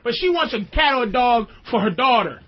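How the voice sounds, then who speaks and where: High-voiced man telling profane stories. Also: a little fast, noisy background. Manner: animated, profane, acts out voices in quotes. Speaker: podcast host. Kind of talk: casual comedic storytelling. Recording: slightly dull lo-fi sound.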